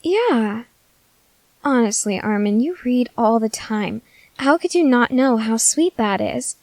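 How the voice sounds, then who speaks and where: Woman playing a high-voiced teen soldier girl, food-obsessed, whiny, unhurried, ASMR audio drama. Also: lively intonation, darkish tone, no room sound. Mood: chatty. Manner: whiny, melodramatic, easily sidetracked.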